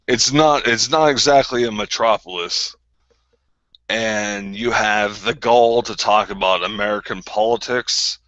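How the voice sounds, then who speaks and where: Slow, blunt man ranting on a call. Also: on the low side, sharp tone, dry recording, highs cut off. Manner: blunt, combative, repetitive. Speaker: group call host. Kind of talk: confrontational ranting callout.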